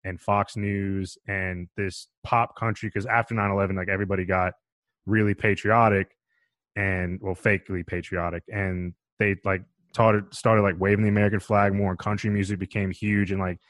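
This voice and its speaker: A man's voice: low-pitched, little pitch movement, moderate pace, a bit bright, no room sound, clean studio sound. A man from Alabama co-hosting a podcast, talking in a rambling, laid-back way. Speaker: podcast co-host. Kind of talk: casual chat.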